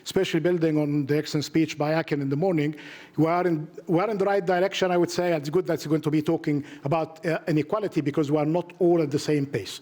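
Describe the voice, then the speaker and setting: Higher-voiced man moderating a panel, hurried. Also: fairly even intonation, darkish tone. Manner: hurried, summarizing in lists. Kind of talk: conference panel discussion.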